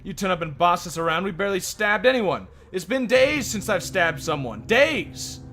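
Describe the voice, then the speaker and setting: A man voicing a bloodthirsty male thief, loud and complaining. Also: very high voice, moderate pace, a little hiss or hum, voice pushed up. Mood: aggrieved.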